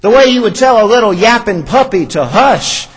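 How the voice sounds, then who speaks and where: A man preaching a sermon in a measured, earnest way, often dropping soft and low for emphasis. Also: animated, breathy edge. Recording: long hall reverb.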